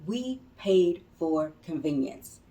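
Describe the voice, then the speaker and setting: A woman's voice: on the low side, lively intonation, takes it slowly, dark tone. Chatty woman vlogger, laughing often. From Maryland, suburbs of Washington DC. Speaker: vlogger, business coach. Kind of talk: casual talk to camera.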